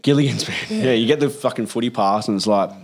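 A young man with an Australian accent spins crude stories with his mates, swearing freely and cracking up with laughter as he goes. His voice sits at a middling pitch, and his talk stays loose, rowdy and full of slang. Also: fast talker. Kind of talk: casual chat among mates.

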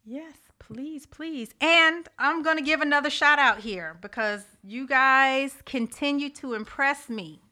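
A woman's voice: high voice, measured pace, hardly any pauses, sharp tone. A woman hosting a podcast in casual chat, upbeat and chatty, eagerly asking her listeners to reach out. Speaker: podcast host.

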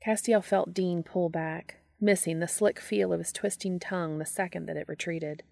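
A woman podcast host reading fan fiction aloud in a steady, measured narration. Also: fairly low pitch, gravelly, dry recording, clean studio sound. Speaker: podcast reader.

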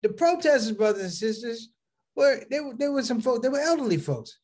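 A middle-aged man doing stand-up comedy, telling stories in an animated way and acting out characters. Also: very high-pitched, brisk. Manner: animated storytelling, acts out characters.

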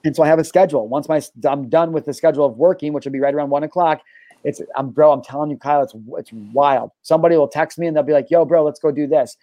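Fast-talking excitable young man. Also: on the high side, no echo. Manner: excitable, profane storytelling full of "bro" and "dude". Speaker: podcast host. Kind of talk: casual chat.

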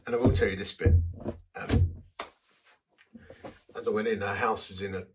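A man's voice: on the low side, flat delivery, normal speed, distant mic, background noise. A man who is a vicar, telling a story in a sermon in a self-deprecating, anecdotal way and acting out the quotes.

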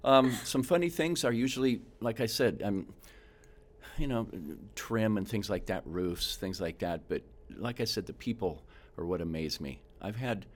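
A man who works as a home inspector, telling animated stories in a casual interview and acting out the people he quotes. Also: fairly low pitch, moderate pace. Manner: animated storyteller, acts out quotes, frequent restarts.

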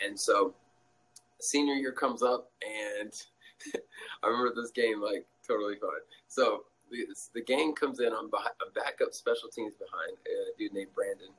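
Speaking at a normal speed, a young man shares an anecdote during a casual interview, laughing often and acting out what others said in a high-pitched voice. The audio quality is poor.

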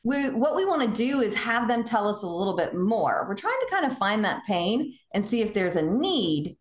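A woman with a Southern US accent hosting a podcast, coaching in a casual, animated way and acting out sample conversations. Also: medium pitch, normal speed, roomy sound. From Southern United States. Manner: animated, acts out sample dialogue in lively voices. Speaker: podcast host.

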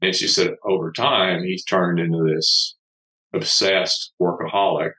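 Man, very low voice, earnest, heartfelt storytelling, interview guest. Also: level tone, measured pace, sharp tone, rough recording. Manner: earnest, heartfelt anecdote telling. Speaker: company founder, guest.

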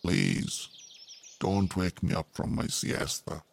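A man's voice: sits low, sing-song, takes it slowly, vocal fry, a little hiss or hum, pitched below the performer's own voice, full character voice. A man voicing a huge, sly old male monkey who talks in a sleepy, teasing, mock-humble drawl.

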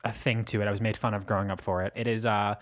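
A man's voice: lowish voice, level tone, fast. A man co-hosting a casual podcast, bantering and teasing his friend with frequent laughter. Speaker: podcast co-host.

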